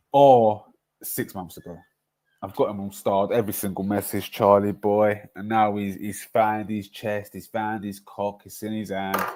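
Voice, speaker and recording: A man's voice: lowish voice, a little mellow. Rambling man hosting a stream. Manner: chatty, rambling, quick to laugh. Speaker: livestream host. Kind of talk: casual football chat.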